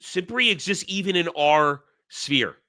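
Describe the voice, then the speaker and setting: A man's voice: sits high, lively intonation, moderate pace, sharp tone. Blunt, crude man ranting. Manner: blunt and crude, with frequent restarts and mocking put-on quotes. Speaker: commentary channel host. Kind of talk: casual opinion rant.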